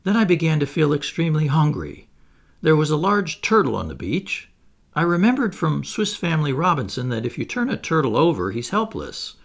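A man's voice: a little high, very animated, fairly quick, creaky, voice pushed up, full character voice. A man doing a pompous old lord, plaintive. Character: elderly male aristocrat, kindly and pompous.

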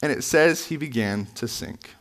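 A man preaching a sermon in a church, conversational with asides and self-corrections, his pitch jumping up when he stresses a point. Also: normal speed. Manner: animated, pitch swinging up for emphasis. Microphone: microphone, sometimes bumped.

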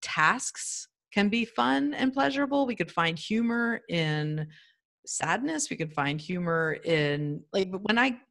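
A woman in her fifties talking earnestly in a casual podcast interview over a remote call, in short halting phrases. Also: medium pitch, lively intonation, creaky, a bit bright. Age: 50s. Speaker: guest. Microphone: remote audio call.

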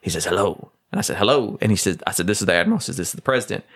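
A man tells a story on a podcast, keeping it loose and casual. He laughs often as he goes and acts out the people he quotes in a lower, muttered voice. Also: lively intonation, racing, fairly bright tone. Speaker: podcast co-host.

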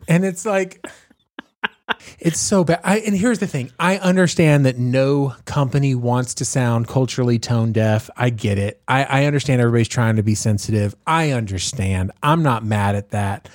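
A man co-hosting a podcast in casual chat, animated and playful, full of jokey asides. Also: mid-range voice, normal speed, no room sound, studio quality. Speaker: podcast co-host.

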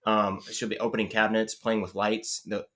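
A man's voice: lowish voice, fairly quick. A man chatting casually on a podcast, rambling and hesitant, with many fillers and restarts. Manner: excitable, laughs often when telling the story.

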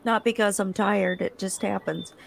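A woman's voice: medium pitch, fairly even intonation, moderate pace, vocal fry. A woman hosting an interview, asking questions and affirming her guest thoughtfully. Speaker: host. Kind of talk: casual interview.

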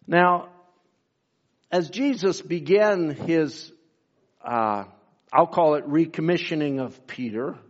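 A man preaching a sermon, pausing often with fillers and reading scripture in old-style wording. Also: fairly high pitch, highs cut off. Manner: slow, halting delivery with many fillers, reads scripture in King James wording. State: briefly emotional. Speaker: pastor.

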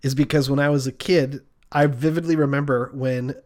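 A man in casual comedic chat, playfully pitching a made-up movie plot and doing quick voices. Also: fairly even intonation, a little mellow. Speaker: podcast co-host.

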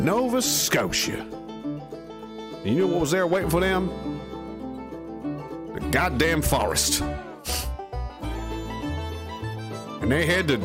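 A man playing a grizzled old frontier storyteller who drawls out a yarn in rough, folksy grammar, his pitch swinging widely as he hams it up. Music plays in the background. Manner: drawling, mock-gruff, ungrammatical folksy talk.

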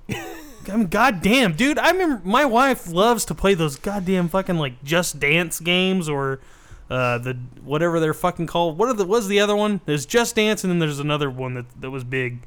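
A young adult man co-hosting a podcast, chatting casually and ranting in an animated, profane way. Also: high-pitched, normal speed, clear, resonant tone. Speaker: podcast co-host. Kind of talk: casual chat.

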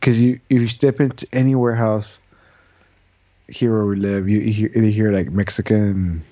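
A man chatting casually on a podcast, halting and repeating words, swearing now and then. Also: lowish voice, fairly even intonation, warm tone, dry recording, muffled recording. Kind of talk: casual chat.

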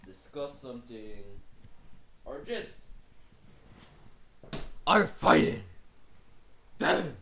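A man's voice: mid-range voice, very animated, drawn-out words, long pauses, fairly bright tone, a little hiss or hum. A young man, a German native speaker, co-hosting a podcast in casual chat, giggling and searching for words. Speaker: podcast co-host.

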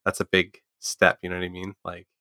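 A man with a very low, gravelly voice talks fast in a loose, rambling chat, filling every sentence with "like" and casual swearing. His tone is bright and forceful, and the sound is dry and close. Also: completely flat delivery, no echo. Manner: rambling, swears often, heavy use of "like". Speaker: drummer and comic artist.

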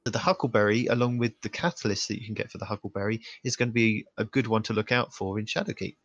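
A British man on a gaming podcast, calmly reading out update notes in an even, steady voice. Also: fairly low pitch, fast, highs cut off, a little hiss or hum. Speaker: podcast co-host. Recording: clear music playing behind.

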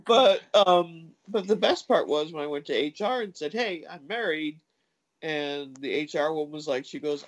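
Low-pitched woman telling a rambling story. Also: animated, normal speed, rough recording. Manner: rambling, hesitant, lots of fillers and restarts; acts out quoted voices with big pitch jumps. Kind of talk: casual storytelling chat.

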